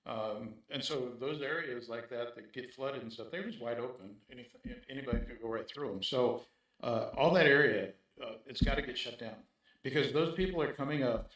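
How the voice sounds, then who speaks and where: A man talks as an interview guest, pressing his points and tagging them with "right?". His voice sits at an ordinary middle pitch. The recording is very echoey, as if made in a bare room. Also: brisk, a bit bright. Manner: emphatic, repeats points with "right?". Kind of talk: casual interview talk.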